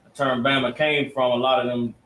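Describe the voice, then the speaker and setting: A man's voice: mid-range voice, little pitch movement, a little fast, fairly bright tone. A man, a student, adding a point in class in a casual, hesitant way. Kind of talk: class discussion. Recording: echoey room, mic far off.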